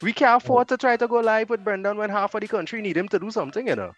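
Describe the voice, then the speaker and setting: A man with a Trinidadian accent, a radio host chatting as a podcast guest, telling animated stories. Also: sits high, rapid-fire, muffled recording, soft background music. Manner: animated storyteller, laughs easily. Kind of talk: casual chat.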